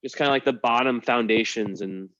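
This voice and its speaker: A man's voice: mid-range voice, fairly quick, a bit bright, no room sound, dull audio. A man hosting a casual group video chat, rambling with many fillers and restarts. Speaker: host.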